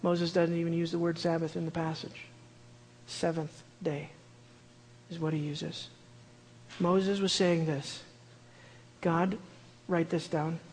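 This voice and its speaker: High-voiced man preaching in a reverberant hall. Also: slight background noise. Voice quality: high-pitched voice. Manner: earnest, builds to loud emphatic declarations. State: shaky. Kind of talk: sermon.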